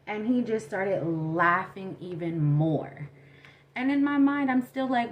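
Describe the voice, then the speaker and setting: A young adult woman vlogger telling a story in casual chat, animated, acting out quotes and saying "like" a lot. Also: medium pitch, unhurried, a little hiss or hum. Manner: animated, acts out quotes, says "like" often.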